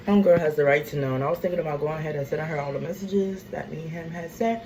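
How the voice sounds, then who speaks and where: A woman's voice: low voice, a crowd in the background, poor audio. A woman telling a storytime rant in a casual vlog, blunt and sassy. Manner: blunt, sassy, drawn-out and expressive. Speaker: vlogger. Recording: noticeable background noise.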